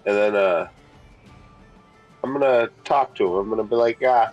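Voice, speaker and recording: A man's voice: normal speed, pauses often, highs cut off, soft background music. A man chatting casually as a player in an online tabletop game, hesitant with many fillers. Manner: hesitant, lots of uh fillers, animated pitch.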